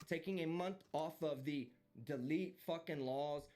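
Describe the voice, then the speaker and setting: A man's voice: on the high side, measured pace, mellow. A man streaming live, delivering a heated, profane and mocking rant. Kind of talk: ranting live stream commentary.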